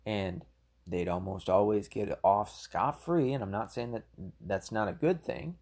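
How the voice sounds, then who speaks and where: A man's voice: fairly low pitch, measured pace, a little mellow. A man giving a heated, rambling solo commentary, full of swearing. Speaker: political commentator.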